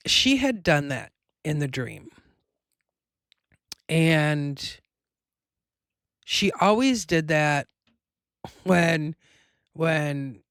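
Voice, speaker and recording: Woman, host, personal storytelling, rambling, emotional, unhurried, dry recording. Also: deep voice, dry recording. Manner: rambling, many fillers, emotional.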